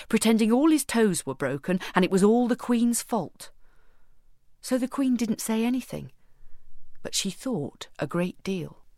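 A woman reading a children's fairy tale aloud with expressive, animated storytelling. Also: lowish voice, no room sound, studio quality.

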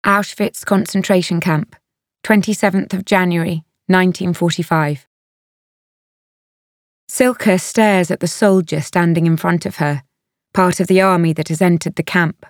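A woman narrating an audiobook in a measured, even storytelling manner, recorded close to a studio mic. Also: on the low side, no room sound. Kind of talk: scripted narration.

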